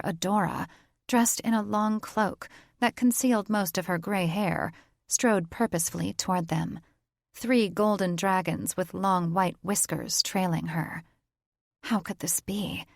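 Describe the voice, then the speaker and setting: A woman narrating a fantasy audiobook in an even, deliberate, scripted style on a close mic. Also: mid-range voice, vocal fry, no room sound.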